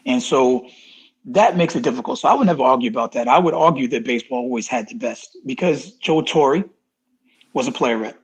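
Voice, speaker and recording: A man's voice: mid-range voice, a little fast, breathy edge, poor audio. A middle-aged man and former pro football player, a podcast guest telling stories with emphatic repetition and acted-out dialogue. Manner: animated storyteller, acts out quoted dialogue, emphatic repetition. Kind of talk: casual interview storytelling.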